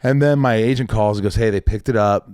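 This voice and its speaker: Animated male podcast guest telling a story. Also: fairly low pitch, brisk, smooth, no room sound, studio quality. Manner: animated storyteller, acts out quoted voices, swears casually. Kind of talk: casual storytelling chat.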